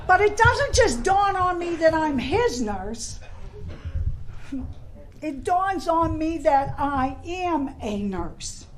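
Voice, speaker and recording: A woman from Pittsburgh giving a personal recovery talk, animated and laughing, shouting at peaks, then soft and earnest. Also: extremely high pitch, slow, rough recording. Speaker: recovery meeting speaker. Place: convention hall.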